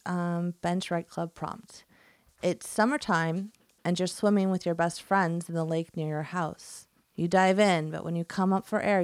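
A woman's voice: fairly low pitch, a little mellow, dry recording. A woman co-hosting a podcast, chatting casually and reading listener writing, laughing easily and poking fun at herself. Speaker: podcast co-host.

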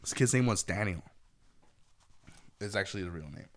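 Congested from a cold, a podcast co-host rambles through stories in a casual chat, swearing freely and laughing often. His voice sits lowish and a bit bright, at a moderate pace.

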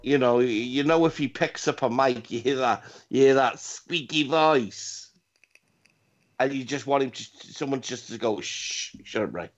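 A man's voice: medium pitch, normal speed. A man hosting a casual wrestling chat, rambling, swearing often and repeating his words. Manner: rambling, profane, repeats himself. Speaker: podcast host. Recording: dull lo-fi recording.

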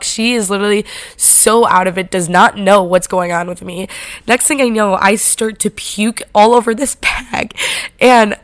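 A woman's voice: mid-range voice, a bit bright, dry recording. A young woman casually telling college stories, chatty, full of "like" fillers and swearing. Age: young adult. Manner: chatty, heavy "like" fillers, frequent swearing and laughing. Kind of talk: casual storytelling monologue.

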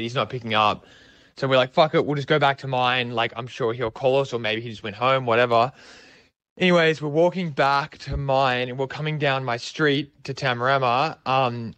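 A man's voice: mid-range voice, fairly bright tone, no room sound. A young man with an Australian accent, telling a rambling, sweary story in a casual way. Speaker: storyteller guest.

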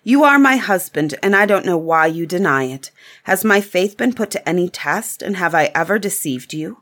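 A woman's voice: lowish voice, expressive, normal speed, fairly bright tone. A woman voicing a young princess in a storybook reading, pleading and insistent.

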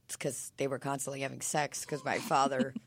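A woman's voice: very deep voice, flat delivery, fairly quick, vocal fry, no room sound. Young woman telling crude stories. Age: 20s. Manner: laughing, crude storytelling. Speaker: podcast co-host. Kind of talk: casual chat.

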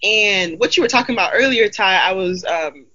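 A woman in her twenties telling stories in a casual group chat, animated and full of fillers. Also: medium pitch, normal speed, lo-fi sound. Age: 20s. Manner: animated storytelling with many fillers.

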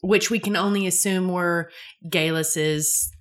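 Woman co-host, lowish voice, dry wit, anecdote-prone. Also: fairly even intonation, takes it slowly. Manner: dry quips, storytelling asides, acts out voices. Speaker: podcast co-host. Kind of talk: casual recap chat.

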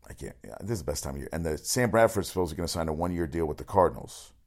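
A man running through sports news as a radio host, rambling, excitable and swearing often. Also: sits low, rapid-fire. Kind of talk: casual sports news rundown.

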